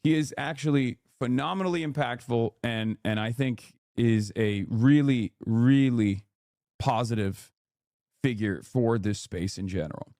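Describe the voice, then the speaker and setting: A man's voice: mid-range voice, a little slow, darkish tone, no room sound, clean studio sound. A man talking casually in a played clip, rambling and restarting sentences.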